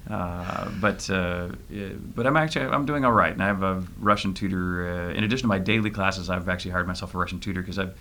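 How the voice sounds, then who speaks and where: A low-pitched man with a bright, forceful tone, answering questions in an interview. He is middle-aged and speaks haltingly, filling gaps with "uh" and "you know" and restarting his sentences. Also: slight background noise. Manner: halting, many fillers and restarts. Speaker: interview guest, private spaceflight trainee.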